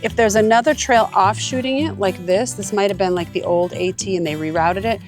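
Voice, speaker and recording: A woman's voice: mid-range voice, brisk, soft background music. A woman with a congested voice, chatting casually and rambling with many fillers while vlogging on an outdoor forest trail. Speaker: hiking vlogger. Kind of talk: casual vlog talk while hiking.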